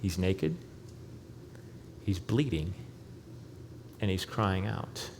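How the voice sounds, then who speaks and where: Pastor preaching with animated storytelling. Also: male voice, low voice, extremely slow, background noise. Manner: animated storytelling, voicing quoted figures. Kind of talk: sermon. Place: church sanctuary. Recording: long hall reverb, faint ambience.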